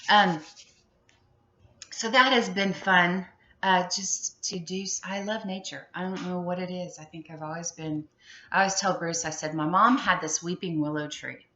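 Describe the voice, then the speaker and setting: A woman's voice: on the low side, steady tone, normal speed, bright, forceful tone. A middle-aged woman chatting in a loose, rambling vlog monologue, full of fillers and giggles. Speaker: vlogger. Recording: muffled, echoey room.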